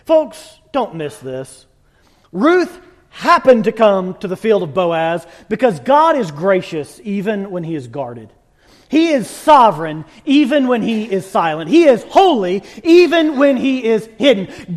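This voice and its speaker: A man preaching a sermon, impassioned and emphatic, with sudden loud bursts. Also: high voice, very animated, a little slow. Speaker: pastor.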